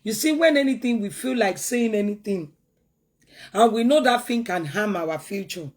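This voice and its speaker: A woman's voice: mid-range voice, animated, normal speed, darkish tone. Earnest woman pleading and preaching. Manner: pleading, preachy, repeats words for emphasis. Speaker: commentator giving advice. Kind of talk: earnest talk-show commentary.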